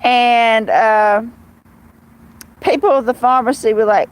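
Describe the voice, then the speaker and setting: A woman's voice: a little high, fairly even intonation, slow pace, pauses often, rough recording. A woman hosting a casual live stream, chatting bluntly and rambling while answering viewers' comments. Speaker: live-stream host reading chat.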